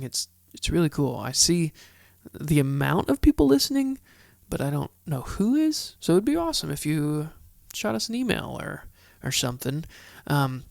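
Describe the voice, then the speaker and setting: A man hosting a faith podcast on his own, talking in an unhurried, chatty way and thinking out loud. His voice has a gravelly edge. The sound is dry and close, with no room around it. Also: a little high, no room sound. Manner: chatty, thinking aloud, heartfelt. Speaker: podcast host. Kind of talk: solo Bible study podcast talk.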